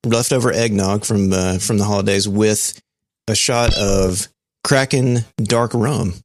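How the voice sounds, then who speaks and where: A man's voice: on the low side, fairly even intonation, a little slow, dry recording, studio quality. A man co-hosting a podcast in casual chat, laid-back and rambling, from Alabama. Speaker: podcast co-host.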